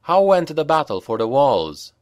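A man's voice: on the high side, sing-song, normal speed, no echo, studio quality, pitched above the performer's own voice. A man voicing a weary, sardonic mercenary captain. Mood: terse. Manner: curt and dryly sarcastic. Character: weary, wry male mercenary leader.

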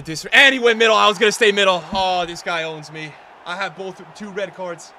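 A man streaming a football video game, talking to his chat in slangy, repetitive commentary that jumps from shouting at the referee to low muttering. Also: fairly even intonation, moderate pace. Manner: swings between shouted outbursts and low muttering; slangy, repeats himself. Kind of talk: live gameplay commentary.

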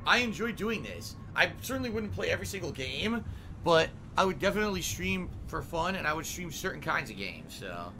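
A man's voice: a little high, sing-song, fairly quick, sharp tone, a little hiss or hum, low-quality recording. A man streaming a game live, commenting as he plays, often frustrated and swearing. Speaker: gaming streamer.

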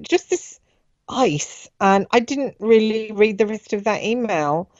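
Slow, halting woman on dull radio audio. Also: mid-range voice, expressive, darkish tone, no room sound. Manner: halting, searching for words. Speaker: radio show guest. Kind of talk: recounting a personal experience on radio.

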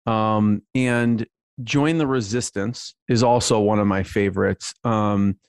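A man hosting a podcast, asking follow-up questions in a relaxed way with frequent hesitations. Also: fairly low pitch, slow, smooth, dry recording, clean studio sound. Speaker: podcast host. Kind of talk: casual interview.

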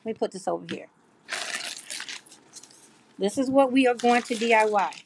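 With slight background noise behind her, a middle-aged craft livestream host reads viewer comments and chats casually. Her voice is on the high side, a little mellow, at normal speed.

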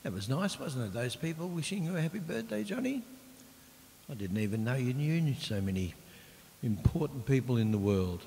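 A man's voice: medium pitch, sing-song, moderate pace, creaky. Cheeky Australian man announcing guests. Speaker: comedy host. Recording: echoey hall with faint hiss.

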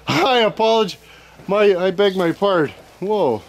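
Casting: young man, high voice, crude and profane, cheerful banter while filming outside. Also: lively intonation, measured pace, a little hiss or hum. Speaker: vlogger filming friends. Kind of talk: casual outdoor banter. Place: outdoors at a house. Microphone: handheld camera.

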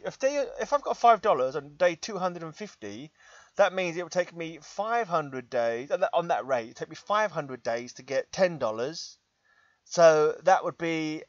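A man's voice: high voice, no echo, highs cut off. Tired, rambling English man. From England. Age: middle-aged. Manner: rambling, self-mocking, sighs and chuckles. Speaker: vlogger. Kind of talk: casual vlog monologue. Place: his room. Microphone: laptop microphone.

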